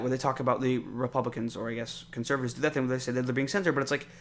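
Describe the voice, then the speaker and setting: Young male podcaster, casual and profane, rambles through an exasperated solo monologue. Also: mid-range voice. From United States. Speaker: podcast host.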